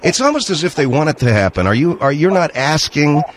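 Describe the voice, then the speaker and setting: A man's voice: fairly high pitch, very animated, brisk, a little hiss or hum. A man hosting a call-in radio show, cutting in with pointed questions and pushing back on his guest. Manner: interrupting, pressing questions. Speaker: radio talk show host.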